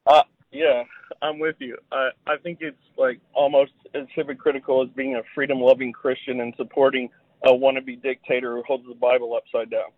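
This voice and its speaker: Male radio caller, mid-pitched, wry and chuckling, muffled phone-line sound, dry. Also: level tone, a little fast, dry recording. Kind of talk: call-in radio chat. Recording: dull phone-line audio.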